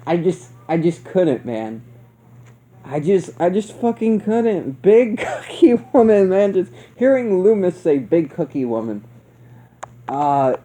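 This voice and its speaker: A man's voice: a little high, warm tone. A man giving a casual, profane and rambling review of a horror movie, laughing often. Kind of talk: casual film review rant.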